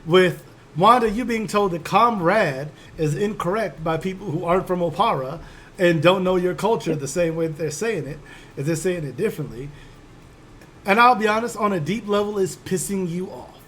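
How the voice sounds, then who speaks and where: A man narrating as game master in a casual, profane, animated storytelling style. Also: high voice, normal speed, slight background noise.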